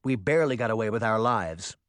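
A man's voice: on the low side, lively intonation, brisk, fairly bright tone, clear, resonant tone, no echo, studio quality. A man voicing a stern grown woman warrior with a scar, speaking sternly in a storybook reading. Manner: stern, matter-of-fact.

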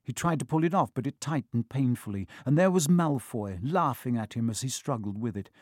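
A man narrating a children's fantasy novel in a steady, expressive audiobook reading. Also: medium pitch, a little fast, no echo, clean studio sound.

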